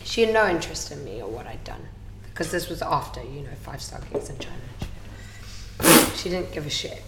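A woman's voice: low voice, very animated, fairly quick, vocal fry, roomy sound, heavy background noise. A woman hosting a casual podcast chat, chatty and swearing casually. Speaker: podcast host.

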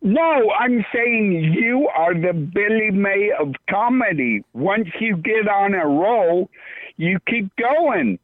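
Slow man on a tinny phone line. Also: high voice, animated, dry recording. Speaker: co-host. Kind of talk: casual podcast chat.

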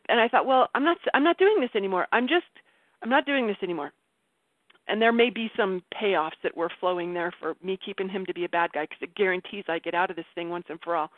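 A woman candidly telling a personal story on a group call, animated and laughing, often breaking off mid-sentence. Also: on the high side, dry recording. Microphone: video call. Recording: tinny phone-like call audio.

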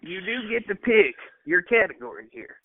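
A man's voice: high-pitched, sing-song, normal speed, no echo, phone-quality sound. A man hosting a casual podcast, joking and hesitant as he runs a music quiz. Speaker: podcast host. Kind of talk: casual chat, game-show hosting.

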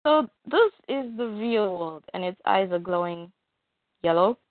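A woman's voice: mid-range voice, expressive, measured pace, no room sound. A woman casually retelling a comic book story, chatty and conversational. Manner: chatty, retells scenes with "she's like". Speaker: comic reader and narrator. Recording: tinny phone-like dry sound.

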